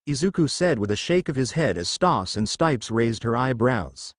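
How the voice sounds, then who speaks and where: A man reading a fan story aloud in an animated storytelling manner on a close mic. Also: mid-range voice, moderate pace, hardly any pauses, no room sound. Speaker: fanfic narrator.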